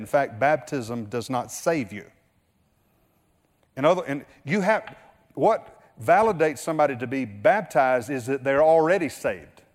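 A man preaching a sermon in a church, emphatic and full of rhetorical questions, often restarting his sentences. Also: medium pitch. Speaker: pastor. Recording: reverberant hall.

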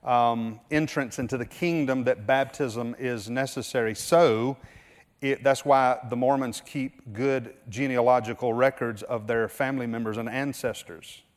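A man's voice: mid-range voice, steady tone, measured pace. A man preaching a sermon in a church, emphatic and full of rhetorical questions, often restarting his sentences. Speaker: pastor. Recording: reverberant hall.

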